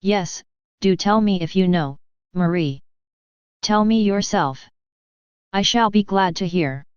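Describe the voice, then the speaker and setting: A woman reading the lines of a gentle, teasing young shepherdess girl in an audiobook. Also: medium pitch, slow pace, smooth, dry recording, highs cut off, natural voice.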